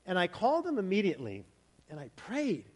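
A male pastor giving a sermon, shifting from scripture readings into a lively conversational story. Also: high voice, brisk, breathy edge. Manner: conversational storytelling, animated retellings. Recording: hall reverb.

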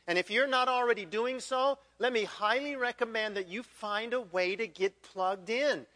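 High-voiced man preaching casually. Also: moderate pace. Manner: conversational, animated, many restarts and repeated words. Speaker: pastor. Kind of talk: sermon.

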